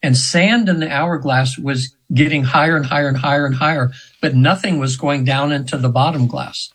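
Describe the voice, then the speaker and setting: A man's voice: a little high, moderate pace, a bit bright, husky, rough recording. A man in his seventies, a guest on a radio show, earnestly telling a spiritual story in a rambling way with many restarts. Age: 70s.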